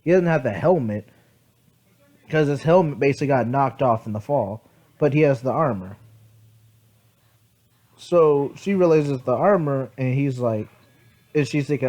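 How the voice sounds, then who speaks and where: A man's voice: medium pitch, lively intonation, a little slow, long pauses, darkish tone. Sleepy man rambling through a story. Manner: rambling, many fillers and self-corrections, casual swearing. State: sleepy, yawning. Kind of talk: casual improvised fan-story telling. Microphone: phone.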